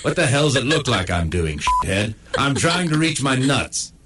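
A man's voice: medium pitch, sing-song, normal speed, very noisy. A man voicing a grumpy, sarcastic male dog stuck in a cone, in a comedic inner monologue. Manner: sardonic, self-pitying and crude.

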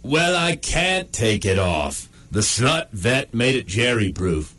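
A man's voice: mid-range voice, very animated, slow, a bit bright. A man voicing a grumpy, sarcastic male dog stuck in a cone, in a comedic inner monologue. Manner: sardonic, self-pitying and crude.

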